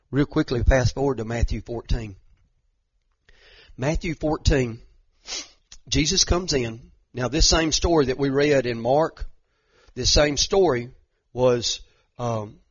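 A man preaching a sermon, dropping to a hushed storytelling voice and then building to loud, rising exhortation. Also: mid-range voice, husky, no echo. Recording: muffled, lo-fi sound.

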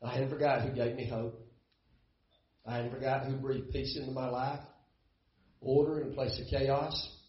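A man's voice: medium pitch, flat delivery, moderate pace, long pauses. A middle-aged man preaching a sermon as pastor, folksy and emotional, often repeating words, close to tears. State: tearful. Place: church sanctuary. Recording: roomy, dull church sound.

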